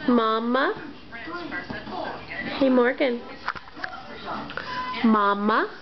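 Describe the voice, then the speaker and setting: A woman's voice: a little high, lo-fi sound. A woman as a mother using sing-song baby talk, coaxing and praising a toddler.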